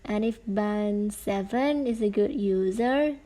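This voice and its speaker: Slow, halting woman teacher. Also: medium pitch, warm tone, rough recording. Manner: slow, halting explanation with many fillers. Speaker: English teacher. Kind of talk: online class lecture.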